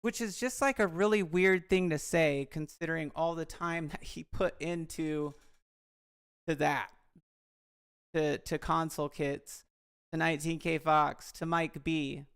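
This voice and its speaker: A woman's voice: deep voice, fairly even intonation, measured pace, clean tone. A woman YouTuber talking through a dispute in a casual, rambling, frank commentary vlog.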